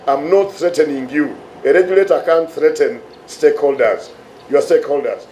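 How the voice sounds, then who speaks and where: Stern hoarse Ugandan man, echoey room. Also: fairly high pitch, moderate pace, darkish tone, a little hiss or hum. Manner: stern, emphatic, with repeated words. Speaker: head of a regulatory agency. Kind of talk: press briefing.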